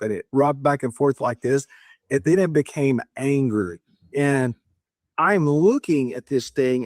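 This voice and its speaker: A middle-aged man spins a dramatic story as a podcast guest, slipping in and out of quoted dialogue with changes in tone. His voice sits at an ordinary pitch for a man and comes across dry and close to the mic. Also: no echo. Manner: animated retelling, acts out dialogue with shifts in tone. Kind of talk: storytelling in a casual interview.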